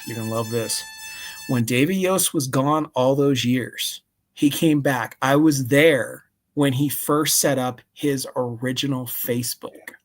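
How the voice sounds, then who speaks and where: Male vendor guest, lively storyteller, acts out people, mid-pitched voice. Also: measured pace, faint music behind. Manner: animated, keeps saying "see?", acts out voices. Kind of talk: animated storytelling on a live call.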